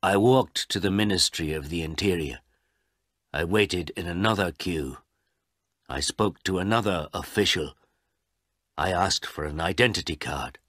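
A man reading a graded story aloud for English learners, slowly and carefully. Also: low-pitched, dry recording, studio quality. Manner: slow, careful and expressive. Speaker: story reader.

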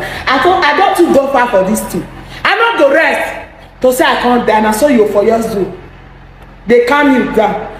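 A young Nigerian woman in a comic rant, speaking Pidgin-accented English in an agitated, exclaiming way and often shouting. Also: sits high, lively intonation, normal speed, slight background noise. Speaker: vlogger. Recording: very echoey room.

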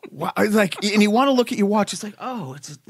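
Casting: man, high voice, dry close sound, rambling animated podcast storyteller. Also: brisk, gravelly, dry recording. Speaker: podcast co-host. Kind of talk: casual chat.

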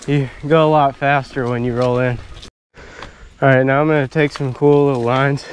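A man's voice: medium pitch, steady tone, normal speed. A man casually chatting while riding his mountain bike on wooded trails, talking into an action camera outdoors. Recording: noisy outdoor action-cam audio.

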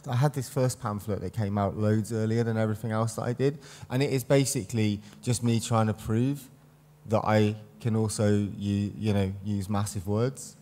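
A man's voice: on the low side, darkish tone, big-room sound. Guy with a wiltshire accent gone a bit london, rambly panel chat, loads of fillers and restarts. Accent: Wiltshire with a London tinge. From Wiltshire, England. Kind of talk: panel discussion.

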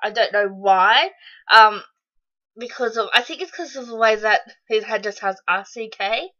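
An Australian woman chatting casually through a beauty box unboxing, excitable and rambling, with lots of ums and happy squeals. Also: mid-range voice, moderate pace, dull audio. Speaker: beauty vlogger.

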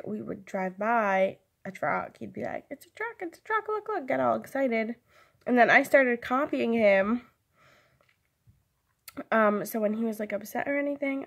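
Giggly, creaky-voiced young woman vlogging. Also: on the high side, slight background noise. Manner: rambling, giggly, lots of "like" and "um". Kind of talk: casual chat.

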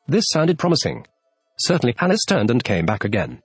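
A man narrating a classic children's story with an expressive, lively reading. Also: medium pitch, brisk, breathy edge, no echo, faint music behind. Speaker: audiobook narrator.

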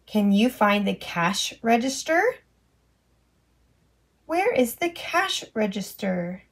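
A woman's voice: mid-range voice, very animated. A woman teacher reading a farm picture book aloud to children, acting out sound effects and asking the child to find things on the page. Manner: slow, sing-song, making animal and machine sound effects; asks the child questions and prompts button pushes. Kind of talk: children's storytime read-aloud.

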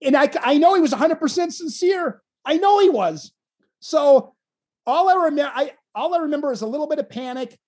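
A man, a wrestling commentator, telling a story in a casual interview, animated and self-deprecating, often restarting his phrases. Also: very high-pitched, brisk.

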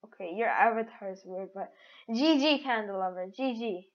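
A woman giving casual game commentary as a channel host, excitable and giggly, teasing the other players. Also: mid-range voice, moderate pace. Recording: dull lo-fi audio.

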